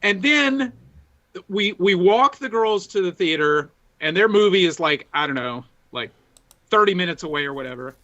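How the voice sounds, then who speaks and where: A man's voice: sits high, lively intonation, normal speed, sharp tone, dull audio. A man co-hosting a sports podcast, telling long rambling anecdotes full of fillers and restarts. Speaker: podcast co-host. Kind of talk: casual chat, storytelling. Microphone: desk mic, reads chat from screen.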